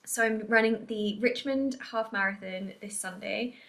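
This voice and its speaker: A woman vlogging in a casual, chatty way, full of "like" and "um", her voice softening and trailing off at the ends of phrases. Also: mid-range voice, normal speed, gravelly. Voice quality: soft-spoken, trails off quietly at phrase ends. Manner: chatty, filler-heavy with frequent "like" and "um". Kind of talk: casual vlog chat to camera. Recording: echoey room.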